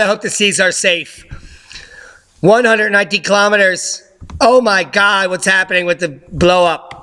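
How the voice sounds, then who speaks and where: A man hosting a news update, giving casual commentary over clips in an excitable, sarcastic way with sudden loud outbursts. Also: sits high, moderate pace. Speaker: host of a news update channel.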